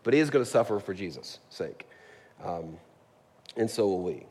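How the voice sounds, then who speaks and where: A man's voice: lowish voice, expressive, moderate pace, a little mellow, husky. A man preaching a sermon in a church, in a casual, joking way, often checking in with the congregation. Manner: conversational, jokey, asks the congregation "right?". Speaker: pastor. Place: church sanctuary. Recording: long hall reverb.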